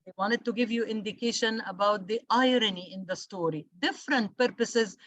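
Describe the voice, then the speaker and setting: A woman's voice: mid-range voice, moderate pace, fairly bright tone, no room sound. A woman teacher giving a class lecture, stressing and repeating key words, with many fillers.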